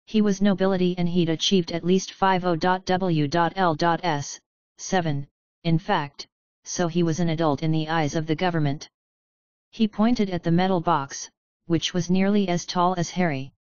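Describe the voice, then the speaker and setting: Smooth low-voiced woman narrator. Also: no room sound, lo-fi sound. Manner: steady, measured reading. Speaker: audiobook narrator. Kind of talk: scripted narration.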